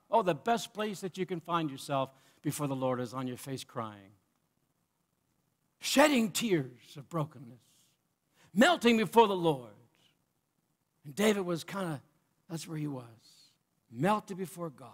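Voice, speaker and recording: A man preaching a sermon, passionate, swinging between loud cries and quiet asides. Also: fairly high pitch, very animated, a little slow, pauses often.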